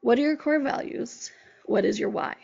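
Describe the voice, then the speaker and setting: Female podcast host and life coach, earnest motivational delivery, raspy with heavy vocal fry, on a dull recording. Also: a little high, normal speed, darkish tone. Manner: earnest, encouraging, quotes herself and clients in conversation. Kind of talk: motivational talk.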